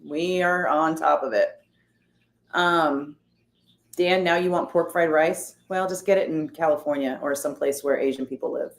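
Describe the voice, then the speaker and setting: Low-voiced woman, dry and sarcastic. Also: normal speed. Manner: wry, sarcastic asides. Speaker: streamer reading chat. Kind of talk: casual chat. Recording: roomy echo.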